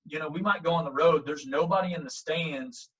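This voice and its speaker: Man coach telling a story, bright punchy voice, lots of "like" and "you know", kinda far from the mic, dull audio. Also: fairly high pitch, brisk. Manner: animated, acts out quotes, frequent fillers. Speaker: baseball coach. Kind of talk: casual storytelling in an interview. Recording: muffled audio, speaker set back from the mic.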